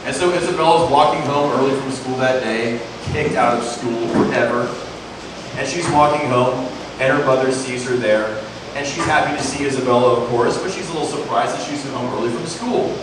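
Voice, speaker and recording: A man tells the story of a skit in a steady storytelling voice. He is far from the mic in a very echoey space, with noise all around. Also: mid-range voice, moderate pace. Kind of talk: skit narration.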